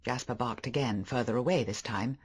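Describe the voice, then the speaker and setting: An audiobook narrator reading a first-person story with expressive delivery. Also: mid-range voice, fairly quick, breathy edge.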